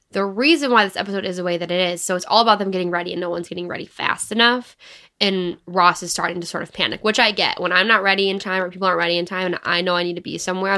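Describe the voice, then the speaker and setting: A woman's voice: on the low side, sharp tone. A young woman in casual chat, a chatty storyteller who laughs easily.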